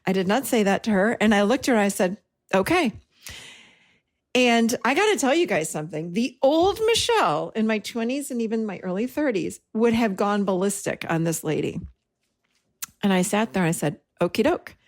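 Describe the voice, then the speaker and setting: A middle-aged woman speaks in a medium pitch, somewhere in the usual range for a woman. She tells a personal story to her listeners in a lively, animated way and acts out each line of the dialogue. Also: a little fast. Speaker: host and therapist-style teacher.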